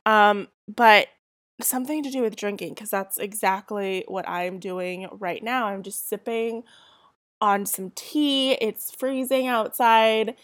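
A woman's voice: mid-range voice, steady tone, slow, a bit bright, no echo, studio quality. A young woman with a Southern California accent, hosting a casual solo podcast, rambling and chatty with lots of fillers while getting over a cold. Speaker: podcast host.

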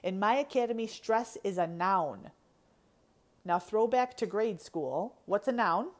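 A woman coach teaches in a loose, chatty way, laughing easily and tossing in little check-ins as she goes. Her voice sits at an ordinary middle pitch for a woman. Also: measured pace. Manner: chatty, laughs often, animated with filler "okay"s. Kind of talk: teaching talk to an online audience.

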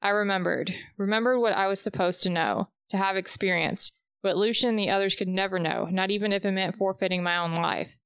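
A woman reading aloud a chapter-by-chapter recap of a novel, with the dialogue read in a steady, even pace. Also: medium pitch, brisk, hardly any pauses, clear, resonant tone, no room sound, studio quality.

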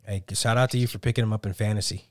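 Rapid-fire and somewhat low-pitched, this man's voice comes through at studio quality with no room sound. In casual sports banter as a podcast co-host, he rants about football, full of restarts and tangents.

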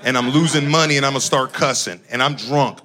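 A man from Northern California doing profane, animated stand-up comedy and laughing at his own lines. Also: medium pitch, brisk.

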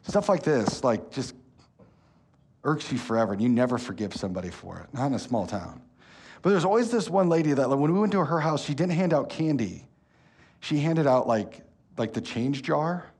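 A man, preaching a sermon as pastor, telling stories with lively energy and turning soft and slow when earnest. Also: medium pitch, slightly rough. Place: church hall.

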